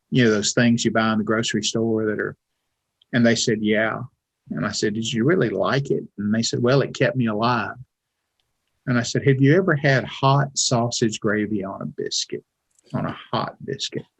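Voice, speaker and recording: A Southern man with an Appalachian foothills twang spins folksy, wry anecdotes as an interview guest. His pitch sits in an ordinary middle range, and he tells his tales with easy, relaxed timing. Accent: Southern US, Alabama Appalachian foothills. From Alabama, American South. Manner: folksy, wry storyteller who acts out quoted voices. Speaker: author and journalist, interview guest.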